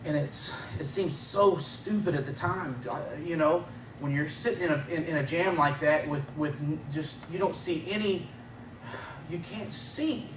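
A man tells his story of faith to a congregation, relaxed and conversational, breaking into small chuckles. His voice sits a little high. The recording is distant and roomy, with clear background noise underneath. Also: unhurried. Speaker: guest giving testimony. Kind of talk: personal testimony at church.

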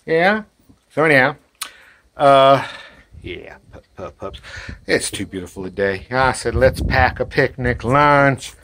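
A man's voice: mid-range voice, animated, slow pace, fairly bright tone. A man, chatting casually outdoors on a back porch and calling to puppies in a coaxing, sing-song voice. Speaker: dog breeder showing puppies. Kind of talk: casual chat to camera and puppies.

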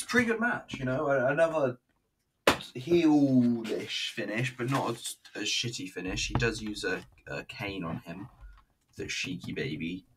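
A man's voice: sits low, bright, forceful tone, rough recording. A man giving a casual, rambling, sweary running review while he watches a video.

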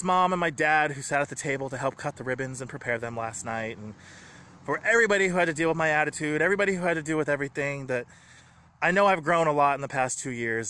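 A man vlogging from home, talking in an earnest, rambling, grateful way, excited and a little shaky. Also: mid-range voice, dry recording. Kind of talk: emotional personal vlog.

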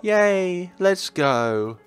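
A man's voice: a little high, very animated, unhurried, faint music behind, pitched above the performer's own voice. A man voicing a cheerful, bossy little girl in a horror game playthrough, talking in a bubbly, chirpy way.

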